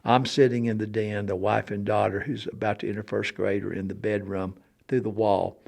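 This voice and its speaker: A man telling a personal story in casual conversation, dropping to a hush and then booming out sound effects, laughing often. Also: moderate pace, gravelly. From Alabama. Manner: animated, swings from hushed to loud for sound effects, laughs often. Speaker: storyteller guest on a talk show.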